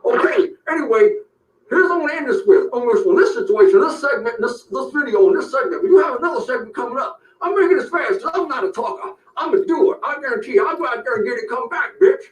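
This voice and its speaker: A very high-voiced, boastful cowboy sheriff who rambles through crude threats in a comedic parody rant. The recording is dull and lo-fi. It sounds roomy and set back from the mic. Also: male voice, lively intonation, fast talker, recorded from a distance. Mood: blustering. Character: brash crude self-styled cowboy sheriff, grown man, boastful and threatening.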